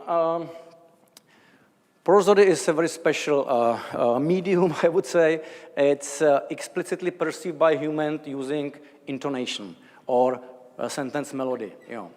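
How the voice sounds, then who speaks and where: A man's voice: on the high side, moderate pace, long reverb tail. A man from the Czech Republic with a Czech accent, giving an academic lecture in a hesitant way, with many fillers and restarts. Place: large lecture hall.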